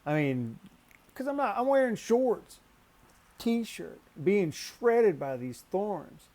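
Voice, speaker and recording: Profane man telling a story. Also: slow. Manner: profane, animated, pitch jumps when excited. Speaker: storyteller recounting a canoe trip. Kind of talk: casual spoken storytelling.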